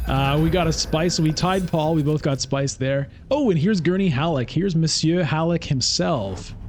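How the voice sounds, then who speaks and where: A man's voice: a little high, a little slow, a little mellow, a little hiss or hum. A man giving casual, chatty commentary as he plays a digital board game, thinking aloud. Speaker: streamer.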